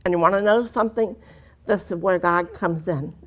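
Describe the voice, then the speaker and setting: A woman's voice: on the low side, moderate pace. A deaf woman giving a personal testimony to an audience, telling her story earnestly with dry humor. Her speech has unusual vowels and articulation that listeners often mistake for a foreign accent.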